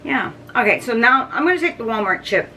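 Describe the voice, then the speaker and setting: A woman's voice: fairly high pitch, lively intonation, a little fast, sharp tone. A middle-aged woman chatting casually as she tastes and reviews snacks on her video channel, humming and chewing between bites. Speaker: food vlogger. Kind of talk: casual food review to camera. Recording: distant mic, faint background noise.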